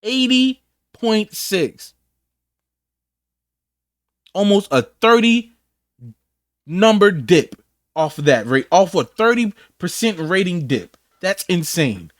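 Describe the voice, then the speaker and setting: A man's voice: high-pitched, big pitch swings, measured pace, no room sound, clean studio sound. A man doing a sports reaction rant, rattling off stats with whoops and rhetorical questions.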